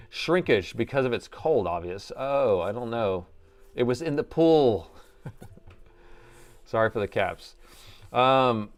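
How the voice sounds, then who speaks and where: A man's voice: mid-range voice, lively intonation, measured pace, long pauses. A man chatting casually on a live repair stream, rambling, laughing and reading viewer comments aloud.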